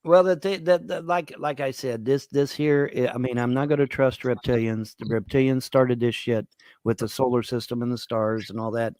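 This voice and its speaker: A man's voice: medium pitch, steady tone, darkish tone, dry recording. Profane ranting man with a dry sound. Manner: profane, repetitive, halting with fillers. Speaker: host. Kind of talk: ranting commentary.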